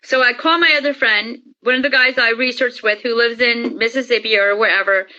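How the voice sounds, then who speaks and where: A woman interview guest telling her story in a lively way and acting out the dialogue. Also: fairly high pitch, fairly quick, highs cut off. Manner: lively, acts out quoted dialogue. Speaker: interview guest, paranormal experiencer. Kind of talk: animated storytelling.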